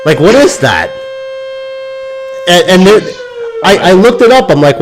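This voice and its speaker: Profane, animated man ranting casually. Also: high voice, measured pace, over music. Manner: ranting, exasperated. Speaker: crypto stream host. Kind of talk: casual rambling monologue.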